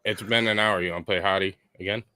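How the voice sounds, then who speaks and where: A man's voice: sits low, fairly even intonation, quick pace, pushed and bright, clear, resonant tone. A man co-hosting a casual stream, playful and giggly, talking while he eats. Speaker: podcast co-host. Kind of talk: casual late-night stream chat.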